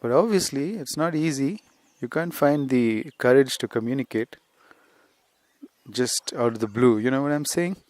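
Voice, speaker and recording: A man's voice: medium pitch, animated, moderate pace, a little mellow, dry recording. Man musing through an outdoor podcast lesson. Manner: conversational, rambling, with frequent "you see". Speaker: spiritual teacher and podcast host. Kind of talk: unscripted podcast teaching. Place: outdoors on a hillside.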